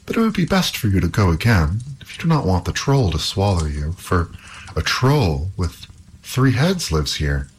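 A man's voice: deep voice, very animated, moderate pace, husky, full character voice. A man voicing a frightened young princess held captive in a storybook castle, speaking in a raised, alarmed voice.

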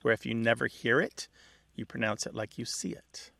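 A man co-hosts a radio talk show on language, explaining pronunciations with a dry, knowing humor. His voice sits at an average pitch and carries a gravelly fry. The studio sound is close and dry. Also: fairly even intonation, moderate pace, bright, forceful tone, no echo. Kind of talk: casual radio chat about language.

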